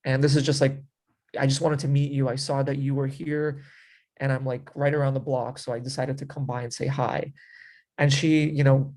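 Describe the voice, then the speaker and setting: A man's voice: medium pitch, level tone, normal speed, darkish tone. A man telling a story in a casual chat. He rambles with many fillers and acts out his own past remarks. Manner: rambling, filler-heavy with frequent 'like' and 'you know'. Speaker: interview guest telling a story.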